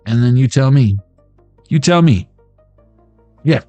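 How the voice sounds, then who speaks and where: A man's voice: medium pitch, a little slow, long pauses, dark tone, no echo, lo-fi sound, faint music behind. Profane, joking male tarot reader. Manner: profane, joking, rambling, laughs at own jokes. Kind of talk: casual tarot reading vlog.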